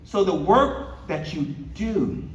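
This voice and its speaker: A high-pitched man in his fifties speaks slowly while giving a keynote at a luncheon, spinning stories, dramatizing the dialogue with humor and joking with the audience. The banquet hall sound is echoey, distant and a little dull, with slight background noise.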